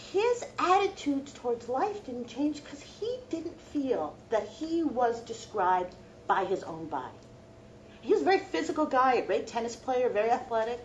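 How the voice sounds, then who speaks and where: A middle-aged woman lectures students with heartfelt, reflective storytelling. Her voice sits a little high and moves expressively through its range. A faint hum of ambience runs underneath. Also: a little mellow, dull audio. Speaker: law professor.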